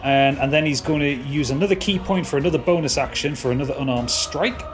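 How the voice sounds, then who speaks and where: A man's voice: a little high, faint music behind. A man narrating as game master, stopping and restarting often. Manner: halting, full of restarts and fillers.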